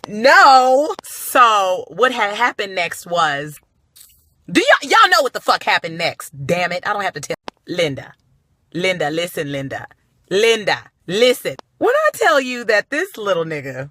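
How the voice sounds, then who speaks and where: Profane storyteller woman, big exclamations, bright edgy tone, phone mic. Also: medium pitch, big pitch swings, measured pace, pauses often. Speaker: vlogger. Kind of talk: comic storytelling to followers.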